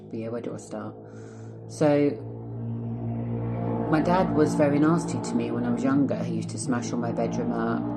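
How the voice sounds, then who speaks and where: A Scottish man telling a rambling personal story in a casual vlog, chatty and swearing often. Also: medium pitch. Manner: rambling, chatty, heavy swearing, drifts off topic. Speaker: vlogger.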